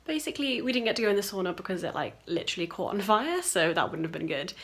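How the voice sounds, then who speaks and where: A woman in her twenties chatting casually in a vlog about her week as a student, bubbly and quick to laugh. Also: mid-range voice, very animated, fairly bright tone. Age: 20s. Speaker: student vlogger.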